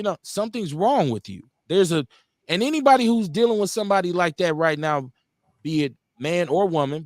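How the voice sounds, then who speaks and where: A man hosts a live call-in talk show, voice pitched a little high and recorded dry with no room around it. He talks loose and profane, joking between serious points. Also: no echo. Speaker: radio show host.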